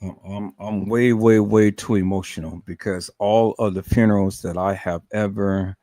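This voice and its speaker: Man, livestream host, fairly low voice, emotional commentary, repeats and stammers, speaks straight to viewers. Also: fairly even intonation, moderate pace, warm tone. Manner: emphatic, repeats words and stammers, addresses viewers as "people". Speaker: live stream host.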